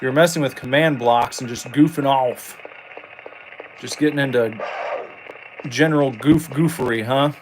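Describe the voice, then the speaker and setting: A man talks through a horror game in loose, jokey commentary. His pitch sits in an ordinary middle range, and he breaks into sudden excited yelps. A faint hiss of noise runs under the voice. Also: unhurried, long pauses, poor audio. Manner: rambling, jokey, excitable outbursts. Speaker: gameplay streamer. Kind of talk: casual gameplay commentary.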